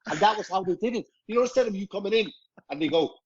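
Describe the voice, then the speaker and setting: A man's voice: sits high, expressive, racing, husky. A middle-aged man, a former footballer, telling anecdotes in casual chat, swearing freely and chuckling through his stories. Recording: dull lo-fi podcast audio.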